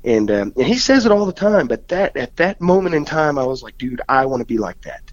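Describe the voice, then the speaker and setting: A relaxed man tells a rambling story in a casual chat, laughing easily and putting on the voices of the people in it. The sound is a little muffled and dry, with no room around it. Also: mid-range voice, brisk, no room sound. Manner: laid-back, laughs often, acts out dialogue. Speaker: touring musician, songwriter.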